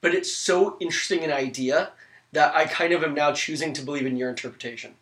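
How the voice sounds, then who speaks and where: A podcast co-host in a casual movie discussion, dry and wry with quick bursts when making a point. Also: mid-range voice, fairly bright tone. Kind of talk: casual chat about movies.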